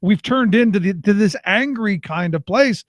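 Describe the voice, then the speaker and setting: A man's voice: sits high, animated, moderate pace, no room sound. A man hosting a radio talk show, interviewing a guest in a conversational, sympathetic way. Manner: conversational, sympathetic, with filler restarts.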